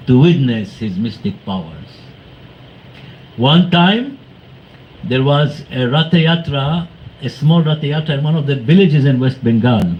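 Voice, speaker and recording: A man speaking to a devotional gathering, telling anecdotes in an animated way, acting out quoted voices and laughing often. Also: medium pitch, lo-fi sound, a little hiss or hum. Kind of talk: storytelling talk to a congregation.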